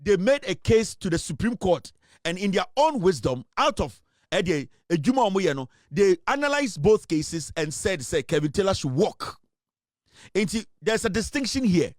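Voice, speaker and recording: Ghanaian guy ranting about politics, high voice that jumps around a lot, dry close sound. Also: very animated, moderate pace, no echo. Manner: emphatic, switching between English and Twi with many fillers. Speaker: political commentator. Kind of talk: impassioned political commentary.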